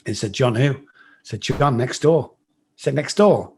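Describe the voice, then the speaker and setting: A man's voice: mid-range voice, lively intonation, moderate pace, vocal fry, a little hiss or hum. A middle-aged man from England with an English accent, a guest telling his life story bluntly, swearing freely and acting out other people's lines. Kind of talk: storytelling in an interview.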